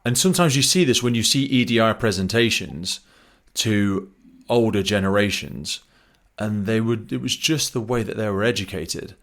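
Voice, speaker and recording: Deep-voiced man, podcast host, relaxed chat with lively asides. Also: normal speed. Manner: chatty, animated retelling with quoted voices. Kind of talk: conversational interview.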